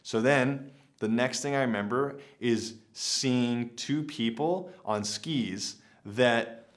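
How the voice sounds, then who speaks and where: A man's voice: medium pitch, takes it slowly. A young man casually recounting a personal story, rambling with many fillers and restarts. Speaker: vlogger.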